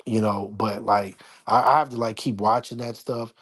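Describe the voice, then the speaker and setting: A man's voice: lowish voice, fairly even intonation, moderate pace, a bit bright. A man chatting casually on a livestream from his apartment, rambling and slangy while keeping his voice down. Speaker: livestream host. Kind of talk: casual live-stream chat. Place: at home, apartment.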